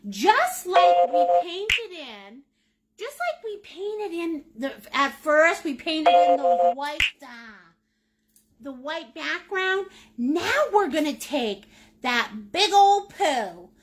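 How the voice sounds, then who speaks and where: A woman's voice: extremely high pitch, sing-song, slow pace, noisy background. A woman with a Maine accent, teaching a live painting lesson in a chatty, jokey, upbeat way. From United States. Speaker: painting instructor.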